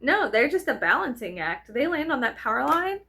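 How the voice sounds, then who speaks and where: Woman vlogger, slightly high voice with vocal fry, casual profane storytime rant, animated delivery. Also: normal speed, a little hiss or hum.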